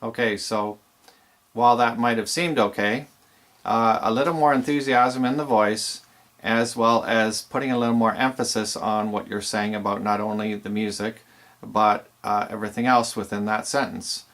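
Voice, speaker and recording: A man's voice: lowish voice, steady tone, normal speed, fairly bright tone. A man teaching aspiring DJs in a plain, explanatory way with some fillers. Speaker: DJ instructor. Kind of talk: instructional video talk.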